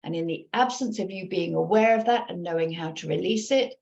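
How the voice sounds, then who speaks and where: Gravelly woman coaching earnestly. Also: fairly low pitch, brisk, a little mellow, lo-fi sound. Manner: earnest, repetitive, loops back over points. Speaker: recovery coach. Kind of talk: live coaching session.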